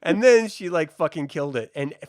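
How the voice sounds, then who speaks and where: A man co-hosting a casual, profane review chat, animated and laughing often. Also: a little high, a little fast, no room sound. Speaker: podcast co-host reviewing a baking show.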